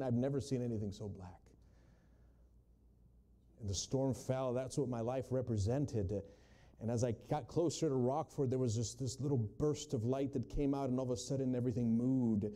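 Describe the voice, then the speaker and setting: A man preaching a sermon, sharing his testimony and shifting between hushed storytelling and loud, emphatic quotes. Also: medium pitch.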